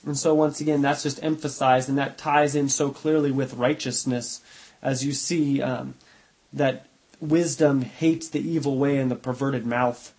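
A man's voice: medium pitch, fairly even intonation, unhurried, darkish tone, rough recording. A man teaching a Bible study, reading verses aloud and explaining them in a conversational way, often repeating points for emphasis and correcting himself mid-sentence.

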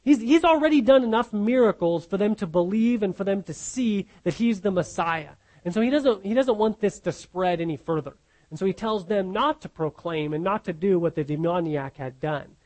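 A man with a fairly high voice preaches a sermon, walking his listeners through a Bible passage. He teaches earnestly, repeats key phrases for emphasis and often checks in with "right?". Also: lively intonation, normal speed, a little mellow, rough recording.

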